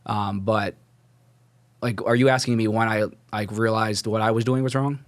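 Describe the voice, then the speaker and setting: A man's voice: fairly low pitch, steady tone, moderate pace, no echo. A young man telling his personal faith story as a podcast guest, casual and rambling, full of "like" fillers and restarts. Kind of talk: casual testimony.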